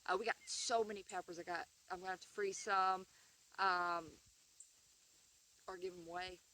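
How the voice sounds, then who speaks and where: A woman's voice: on the low side, fairly even intonation, normal speed, sharp tone, far from the mic. A woman chatting casually to camera about her chickens, rambling with fillers and restarts. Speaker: backyard chicken keeper vlogger. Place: outdoors by a chicken coop.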